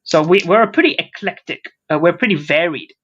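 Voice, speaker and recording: A man's voice: a little high, lively intonation, brisk, fairly bright tone, slightly rough, muffled recording. A man co-hosting a podcast in casual chat, rambling and sarcastic, swearing casually. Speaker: podcast co-host.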